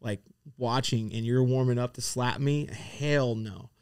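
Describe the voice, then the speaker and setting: A man's voice: mid-range voice, steady tone, measured pace, darkish tone, clean tone, no echo, studio quality. Laid-back man in casual podcast chat. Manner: conversational, teasing, laughs often. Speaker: podcast co-host.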